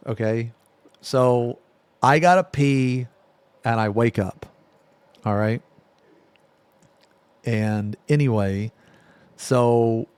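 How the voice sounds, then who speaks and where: A man streaming live, telling a rambling, profane story in a casual way that drops to a near-whisper and then gets loud. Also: lowish voice, no echo.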